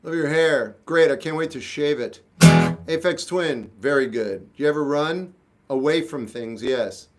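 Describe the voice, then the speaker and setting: A man in his fifties reading live chat questions aloud and answering them with blunt, deadpan one-word replies. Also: medium pitch, moderate pace, over music. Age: 50s. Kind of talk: casual live-stream chat.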